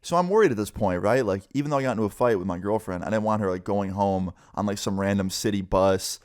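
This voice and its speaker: Young man telling a storytime, animated. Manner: animated, quick shifts in pitch, swears casually. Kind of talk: casual storytime.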